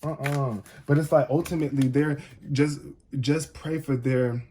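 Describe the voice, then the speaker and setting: A man's voice: a little high, steady tone, measured pace, dark tone, a little hiss or hum. A man giving a casual tarot reading to camera. He talks straight to the viewer and often says "it's like". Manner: casual, repeats "it's like", addresses the viewer directly. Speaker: tarot reader.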